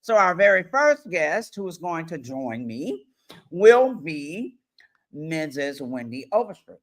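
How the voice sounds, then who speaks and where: A woman coach giving a lively workshop presentation to parents, addressing the audience directly and often checking in with them. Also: low-pitched. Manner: animated, acts out parents and children in quick voices; addresses audience directly with frequent "all right".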